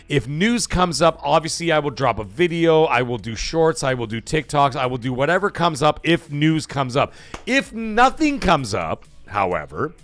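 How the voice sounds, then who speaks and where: A man's voice: a little high, fairly bright tone, dry recording. A male stream host talking off the cuff in a loose, profane ramble. His voice rises and falls a lot, and the sound is dry and close. Faint music plays underneath. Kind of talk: casual live stream chat.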